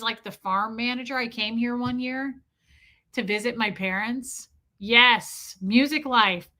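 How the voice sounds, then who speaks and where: A woman from the US Midwest chatting fast on a live stream, telling stories, swearing, and reading chat names. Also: a little high, sharp tone. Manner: fast-talking, swearing, laughing storyteller.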